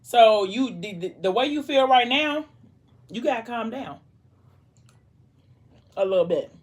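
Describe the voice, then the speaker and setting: A woman's voice: fairly high pitch, animated, measured pace, husky. A woman vlogger chatting casually, retelling a book's scenes while eating, reading out dialogue and leaning on "like". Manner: chatty storytelling, reads out dialogue, fillers like "like".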